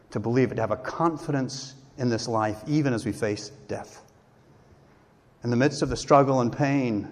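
Preaching man in a reverberant hall. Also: medium pitch. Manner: earnest, emphatic preaching with acted-out quotes. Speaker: pastor. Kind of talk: sermon.

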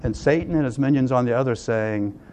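An older man preaching a sermon, earnest, often dropping to a hush on key lines. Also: medium pitch, brisk, a little hiss or hum. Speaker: pastor.

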